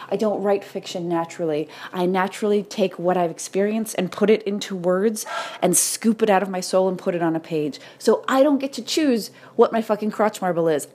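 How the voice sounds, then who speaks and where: A woman's voice: medium pitch, darkish tone. A woman talking straight to her audience in a casual motivational monologue, telling a funny story and swearing now and then. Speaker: creator talking to entrepreneurs and artists.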